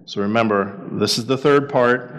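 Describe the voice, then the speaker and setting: A man's voice: medium pitch, normal speed, fairly bright tone. A man leading a men's Bible study, talking conversationally and putting questions to the group. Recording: echoey hall.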